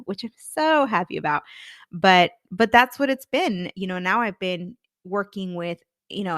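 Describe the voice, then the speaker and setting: With a lowish voice, a woman in her thirties who coaches careers and hosts a podcast tells her own story frankly, acting out the thoughts she once had. The recording is clean studio sound with no room sound.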